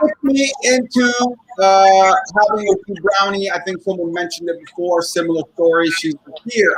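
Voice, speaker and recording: A somewhat high-voiced man doing a rambling stand-up set from home over a computer microphone. He swears freely and keeps breaking into laughter at his own lines. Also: fairly bright tone, poor audio. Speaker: stand-up comedian. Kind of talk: stand-up set on a video call show. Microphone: computer microphone on a video call.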